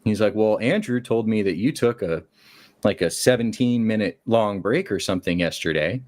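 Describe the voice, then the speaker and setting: Calling in to a talk show, a man with a fairly low voice casually spins a long story, giving every quoted line its own shifting voice while keeping things moving. He sounds animated and a little mellow, speaking at a moderate pace.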